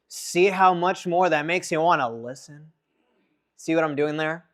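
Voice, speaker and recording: A man coaching public speaking in an energetic workshop lesson, swinging between loud and soft to demonstrate. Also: on the high side, normal speed.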